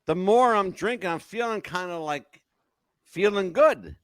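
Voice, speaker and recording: An older man hosting a podcast, telling stories in a lively, emotional casual chat. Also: sits high, unhurried, dry recording. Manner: animated storyteller, emotional swings. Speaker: podcast host.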